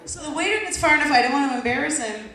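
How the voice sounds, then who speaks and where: A woman's voice: high-pitched, very fast. A woman hosting a live storytelling night, chatting casually between acts and telling her own short anecdote. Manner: relaxed, chatty, lively. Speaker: host. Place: stage before a live audience. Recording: echoey room with a crowd. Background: audience noise.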